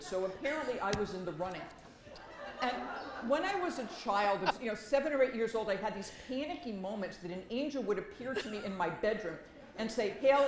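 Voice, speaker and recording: A woman's voice: mid-range voice, roomy sound, slight background noise, poor audio. A woman from Massachusetts speaking as a professor on a panel, telling wry stories with emphatic repetition. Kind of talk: conversational academic talk.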